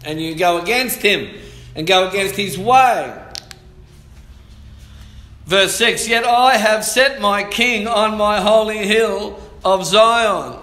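Male pastor, high voice, lively sermon delivery, echoey church hall. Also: slow pace. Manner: lively preaching, calls for amens, reads scripture aloud.

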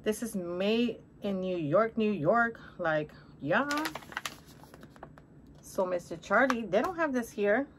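Slow-paced yet animated, a mid-range female voice with a Spanish accent goes through a shopping haul in casual, upbeat chat. The middle-aged vlogger calls her viewers honey, and there is background noise.

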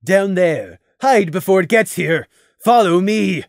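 A man voicing a battered male unicorn guard who speaks in a croaking, grim voice. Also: high voice, lively intonation, unhurried, no room sound, studio quality, pitched above the performer's own voice, full character voice.

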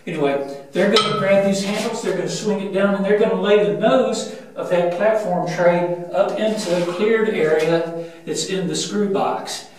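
An older man guides listeners through a battleship's gun turret, explaining each step methodically and pausing often on "uh". His fairly high voice booms around the hard steel walls. The mic sits some distance away, so he sounds roomy and remote. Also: darkish tone, slight background noise. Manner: methodical, pauses with frequent "uh" fillers. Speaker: museum ship guide. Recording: booming metal-room echo, mic at a distance.

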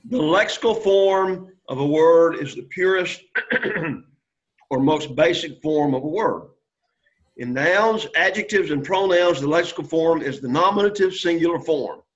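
A man teaching a Greek class, quizzing students and checking in with "okay?" and "right?". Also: a little high. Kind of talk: classroom lecture. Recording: lo-fi classroom recording.

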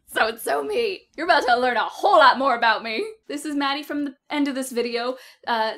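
A woman's voice: high voice, a bit bright. A woman voice actor hosting her own video, chatting in an exuberant, gushing, playful way about roles she has played. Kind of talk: bubbly casual vlog chat.

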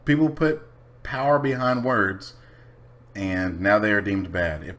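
Blunt, swearing man with a lively voice. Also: mid-range voice, moderate pace. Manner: blunt, profane, unapologetic. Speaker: vlogger. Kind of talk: casual rant to camera.

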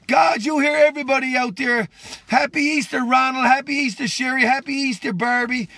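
A man preaching on a live stream, his voice pitched very high and sharply bright. He is fervent and exclamatory, yet sounds worn out. The sound is close and dry, with no room around it. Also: normal speed, vocal fry, dry recording. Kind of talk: impromptu livestream preaching and greetings.

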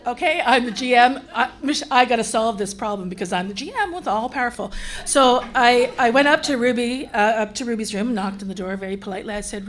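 A woman from Canada, a care home administrator, telling a story on a panel in a lively, self-mocking way. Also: fairly high pitch, brisk.

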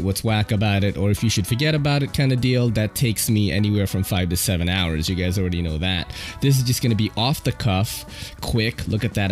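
A man's voice: on the low side, darkish tone. A man casually reviewing a knife off the cuff at home, chatty and full of slang. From New York City. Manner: slangy and laid-back, chatty asides. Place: home, at a table.

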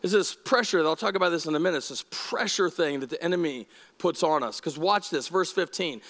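A male pastor with a high voice gives a conversational, animated sermon and keeps asking his listeners questions. His voice rings with the long echo of a church hall. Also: fairly quick.

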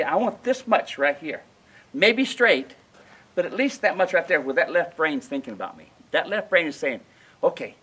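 A man's voice: sits high, a bit bright, husky, low-quality recording. A man demonstrating mule halter training outdoors at a ranch, folksy and emphatic, who keeps asking his listeners questions.

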